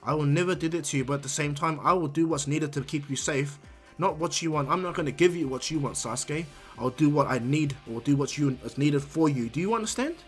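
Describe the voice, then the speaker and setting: A man's voice: fairly high pitch, brisk, soft background music, lightly acted. A man voicing a cocky, overpowered teenage ninja boy who talks about huge feats offhandedly. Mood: earnest. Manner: breezy, offhand boasting.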